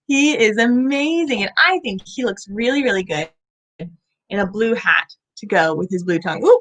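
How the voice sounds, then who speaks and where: It's a young woman with a fairly high, slightly bright voice, heard through poor audio. As host of a children's animal show, she uses a playful sing-song delivery, sound effects, and questions to the kids to keep the lesson educational and fun.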